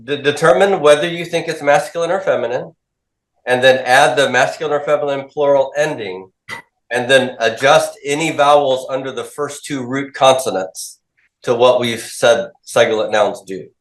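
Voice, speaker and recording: A man teaches a class with call-and-response drills, asking questions and repeating students' answers back to them. His mid-range voice is fairly bright and moderately paced, echoing around the classroom.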